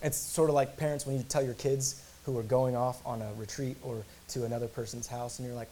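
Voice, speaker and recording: A man's voice: medium pitch, little pitch movement, brisk, few pauses, dark tone, slight background noise. A male pastor preaching an earnest sermon, emphatic, repeating words and slipping in casual asides.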